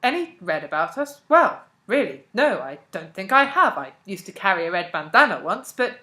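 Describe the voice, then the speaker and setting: A woman's voice: medium pitch, very animated, moderate pace, bright, forceful tone. A woman reading the part of an embarrassed, overly polite male clerk. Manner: awkwardly polite.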